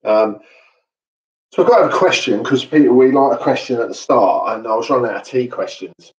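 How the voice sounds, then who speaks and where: A London man hosts a casual online training session, chatty and jokey with plenty of fillers. His mid-range voice moves at a normal speed, recorded in an echoey room on a distant mic with dull sound.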